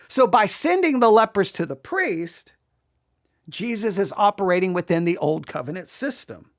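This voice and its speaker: A Bible teacher giving an exegetical study, talking in an animated way, acting out quoted lines and often restarting sentences. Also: medium pitch. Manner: animated, acts out quoted speech, frequent restarts.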